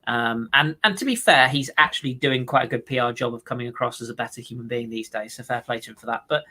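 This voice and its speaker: A man's voice: mid-range voice, fast talker, pushed and bright. A man co-hosting a football podcast, chatting casually and emphatically, often repeating himself. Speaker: podcast co-host.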